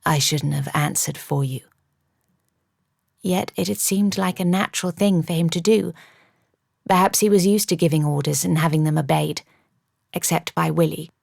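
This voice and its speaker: A woman reading a first-person novel as an audiobook narrator, in a measured, wry storytelling manner, close to the mic. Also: on the low side, little pitch movement, vocal fry, darkish tone, no echo.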